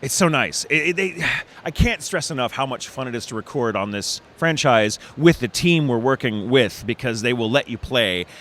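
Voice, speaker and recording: A middle-aged man from Texas, a voice actor talking in a convention interview, animated and quick to restart his sentences and laugh. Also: medium pitch, a little hiss or hum. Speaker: voice actor guest.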